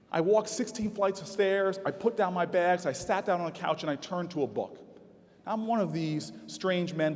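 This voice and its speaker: High-voiced man in a reverberant venue. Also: darkish tone. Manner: candid, emphatic storytelling. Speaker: commencement speaker, city mayor. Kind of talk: commencement address. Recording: long reverb of a large venue.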